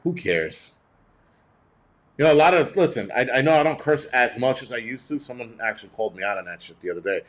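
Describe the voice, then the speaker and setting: A man's voice: mid-range voice, lively intonation, a little fast. Cranky, foul-mouthed man ranting. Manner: cranky, blunt, heavy cursing. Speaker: livestream host reading chat. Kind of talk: profane rambling livestream chat.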